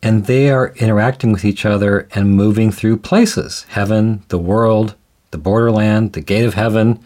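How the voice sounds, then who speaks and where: A man explaining ideas in a measured, thoughtful way, often restarting his sentences as he talks things through. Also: on the low side, steady tone, darkish tone. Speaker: guest scholar. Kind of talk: conversational explanation.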